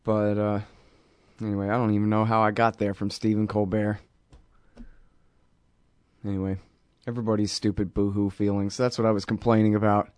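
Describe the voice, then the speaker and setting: A man's voice: fairly low pitch, fairly even intonation, moderate pace, pauses often, darkish tone, clean tone, no room sound, clean studio sound. A man hosting a show, ranting sarcastically about politics in a rambling, mocking way. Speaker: host. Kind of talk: casual political rant.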